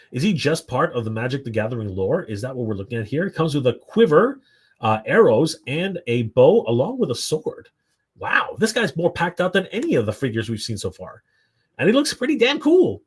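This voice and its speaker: A man hosting a live stream, rambling excitedly with lots of fillers and restarts. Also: mid-range voice, husky. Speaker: toy show host. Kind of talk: casual live-stream commentary.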